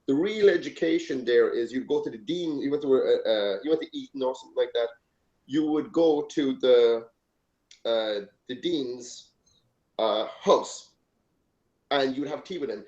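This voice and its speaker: An Irish podcast host from Ireland chats casually, rambling through anecdotes and swearing freely in his Irish accent. His voice is medium-pitched, a little mellow, at normal speed, and the recording has an echoey, dull lo-fi room sound.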